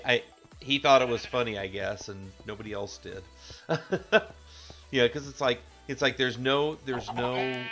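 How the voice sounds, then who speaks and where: A man chatting on a livestream, telling a story haltingly with many pauses and ums. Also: medium pitch, a bit bright. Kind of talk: casual livestream chat.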